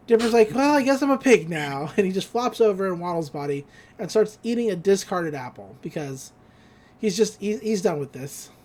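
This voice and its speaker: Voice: mid-range voice, darkish tone. A podcast co-host casually recapping a cartoon episode, acting out the characters' lines and laughing along the way.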